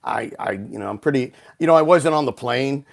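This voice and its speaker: A man's voice: mid-range voice, lively intonation, fairly quick, gravelly. A man from Houston, a guest author, telling a long story over a video call, rambling with frequent restarts and fillers. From Houston, United States. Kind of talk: casual storytelling interview.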